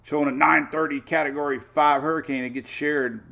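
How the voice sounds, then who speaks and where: Gravelly guy rambling thru the weather maps, gets all excited, chatty host vibe. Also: a little high, brisk. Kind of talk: casual live weather chat.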